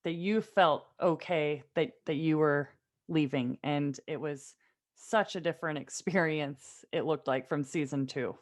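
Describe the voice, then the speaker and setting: A woman with a fairly low voice hosts a casual podcast interview. She is friendly and quick to laugh, and she asks her guest long, easygoing questions. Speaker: podcast host.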